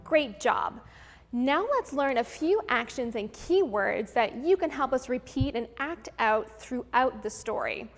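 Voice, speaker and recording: A woman hosting a live virtual music lesson for children, explaining each idea clearly and step by step in an upbeat teacher's manner. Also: sits high, expressive, unhurried. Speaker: host of a children's music program. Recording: long room reverb with faint background noise.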